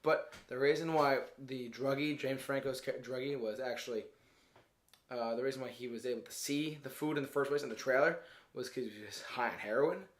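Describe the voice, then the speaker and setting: A man's voice: mid-range voice, brisk. Man, casual movie review, rambling, searching for words, laughing often, echoey room. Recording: roomy echo.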